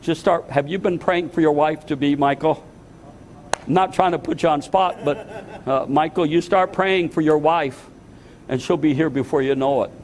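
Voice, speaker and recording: A man's voice: fairly high pitch, normal speed, darkish tone. A man in his sixties, a pastor, giving an earnest, emotional testimony sermon in a church, repeating phrases for emphasis. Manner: earnest, repetitive, emotional storytelling.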